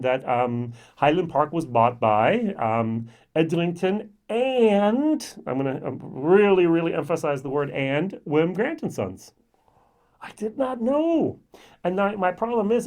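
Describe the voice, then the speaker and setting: A middle-aged man with a medium-pitched, darkish voice reviews a whisky casually to camera. He's chatty and thinks out loud, with lots of ums and corrections of himself.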